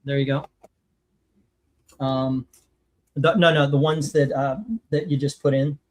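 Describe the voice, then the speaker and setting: A man's voice: medium pitch, little pitch movement, measured pace. A middle-aged man hosting a live comic auction stream, chatting casually in a rambling, jokey way with lots of fillers.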